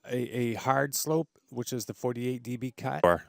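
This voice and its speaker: A man hosting a casual audio software tutorial, enthusiastic and full of fillers and restarts. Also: medium pitch, moderate pace, vocal fry, dry recording, studio quality. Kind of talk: screen-recorded software tutorial. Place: home studio with treated room.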